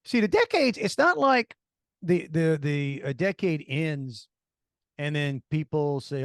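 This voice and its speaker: Animated middle-aged man, dry close sound. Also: fairly high pitch, slow, dry recording. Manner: animated, jumps between topics. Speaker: co-host. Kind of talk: casual chat.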